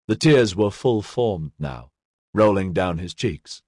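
A man reading a science fiction story aloud in a measured, expressive way. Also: low-pitched, no echo, clean studio sound. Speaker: audiobook narrator. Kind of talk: scripted narration.

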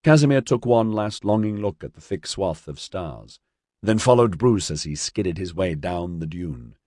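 A man narrating a novel as an audiobook in a measured, scripted reading. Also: low-pitched, lively intonation, darkish tone, no room sound, clean studio sound.

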